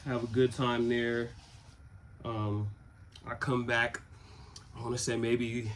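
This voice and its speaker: A young man telling a personal story in a loose, conversational way, with many pauses and restarts. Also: medium pitch, slight background noise. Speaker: vlogger.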